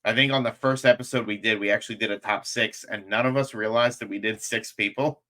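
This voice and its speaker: A man hosting a podcast, chatting casually and telling lively stories in which he acts out what people said. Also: on the low side, fast. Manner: animated storyteller, acts out quotes. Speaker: podcast host.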